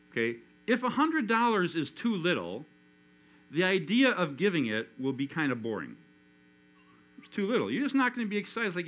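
A man preaching a sermon in a church, animated, acting out the inner voices of his listeners. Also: a little high, a little fast, rough recording. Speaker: pastor.

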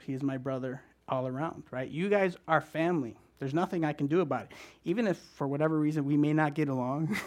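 A man preaching a conversational sermon, talking fast and often checking in with his listeners. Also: on the high side, a little mellow. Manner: fast-talking, keeps asking "right?". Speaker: guest preacher.

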